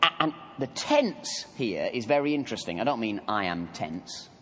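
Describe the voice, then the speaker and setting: A man preaching a sermon, telling the story in an animated, conversational way with asides to the congregation. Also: medium pitch, moderate pace, long reverb tail, slight background noise.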